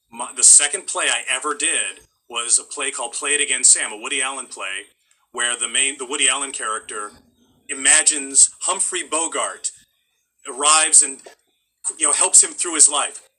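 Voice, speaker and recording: Husky-voiced man, lively storyteller. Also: medium pitch, normal speed, rough recording. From California. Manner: animated storyteller, slips into impressions. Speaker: voice actor guest. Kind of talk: casual interview chat.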